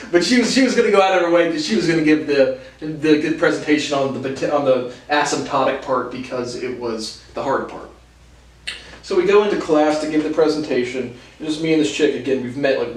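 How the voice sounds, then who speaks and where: A man's voice: medium pitch, brisk, recorded from a distance. Sardonic young man, echoey off-mic sound. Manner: profane, sardonic, laughs between lines. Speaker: host. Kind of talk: casual storytelling monologue. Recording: roomy echo, voice off-mic, faint noise.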